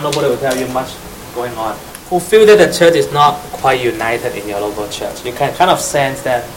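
A preacher with a somewhat high voice gives a sermon to young church members, quizzing them, repeating key phrases, and tossing in teasing asides. The recording is low quality, with a faint hiss beneath his voice.

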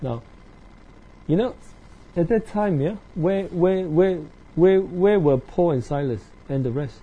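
Halting man teaching scripture. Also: sits high, breathy edge, phone-quality sound. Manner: halting, many fillers and repeated tag questions. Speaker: preacher. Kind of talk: Bible teaching.

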